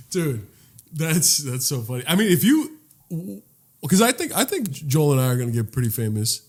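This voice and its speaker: A man's voice: fairly high pitch, sing-song, a little slow, pauses often, darkish tone. A man co-hosting a comedy podcast, joking and bantering with casual swearing. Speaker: podcast co-host.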